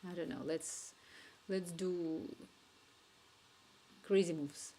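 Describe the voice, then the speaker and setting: Slow gravelly woman thinking aloud. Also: lowish voice, fairly even intonation, dark tone, a little hiss or hum. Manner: thinks aloud, dictates requests haltingly. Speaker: streamer coding live. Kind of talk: casual think-aloud live coding. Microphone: cheap microphone.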